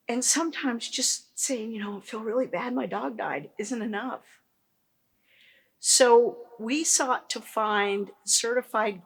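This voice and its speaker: A woman, founder of a pet business, telling stories earnestly in a conversational interview, with frequent restarts. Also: mid-range voice.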